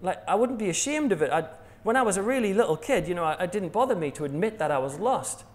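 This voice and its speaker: An English man gives a sermon in a relaxed, conversational style, with a voice pitched a touch above average. He keeps it light, joking with the congregation and laughing at his own lines. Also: quick pace. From England. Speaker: preacher.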